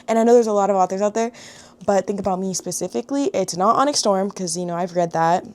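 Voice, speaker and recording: A young adult woman, chatting casually to camera as a book vlogger, emotional and quick to laugh, with thoughts that trail off. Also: mid-range voice, darkish tone. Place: home room.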